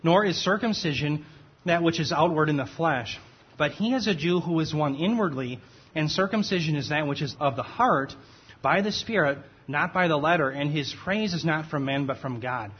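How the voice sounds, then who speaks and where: A man's voice: on the high side, moderate pace, breathy edge, muffled recording. A man preaching an expository sermon in a conversational way, often checking in with "okay?" and stopping to correct himself. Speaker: pastor.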